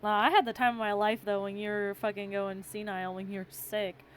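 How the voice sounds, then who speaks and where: A woman's voice: medium pitch, level tone, a little fast, a little hiss or hum. A young woman chatting casually on a stream, telling funny stories with lots of laughter and swearing. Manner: giggly, swearing storyteller. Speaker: streamer co-host. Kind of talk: casual chat.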